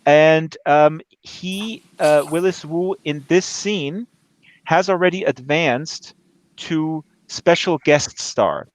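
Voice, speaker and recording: A man's voice: fairly high pitch, takes it slowly, no echo. A man hosting a book club online, casually guiding his guest step by step before a staged reading. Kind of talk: casual chat, reading a script aloud.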